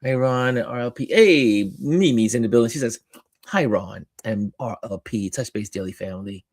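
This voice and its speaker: A man hosting a live-stream, greeting viewers by name and reading their comments aloud in an upbeat, animated way. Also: mid-range voice, moderate pace, dry recording. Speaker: host.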